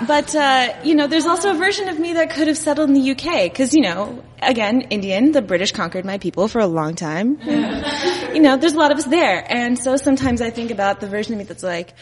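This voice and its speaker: A woman's voice: sits high, lively intonation, fairly quick. A woman from Dallas telling a comic story on stage, chatty and laughing at herself. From Dallas, USA. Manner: chatty, laughing, self-mocking. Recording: noisy live venue with long reverb.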